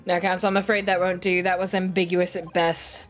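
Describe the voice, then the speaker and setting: A woman voicing a stern elderly male courtroom judge in a game, speaking in formal, measured pronouncements. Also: on the low side, level tone, soft background music, natural voice.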